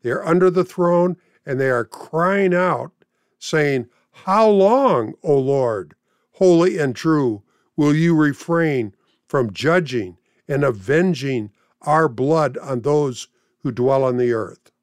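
A man preaching a sermon, reading scripture aloud and paraphrasing its pleas in a deliberate way. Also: on the high side, dry recording.

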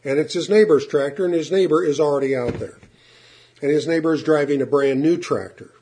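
A man delivers a sermon in a slightly higher-pitched voice. He speaks earnestly and with emphasis, drawing out his key words to press his point home. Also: brisk, mellow. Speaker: preacher.

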